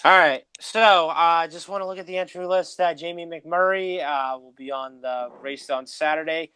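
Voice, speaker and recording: A man's voice: on the high side, fairly even intonation, moderate pace, bright, forceful tone, smooth, no echo. A man co-hosting a casual motorsport podcast, running through a list with many "uh" fillers. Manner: reads off lists with frequent "uh" fillers. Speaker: podcast co-host. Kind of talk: casual sports podcast chat.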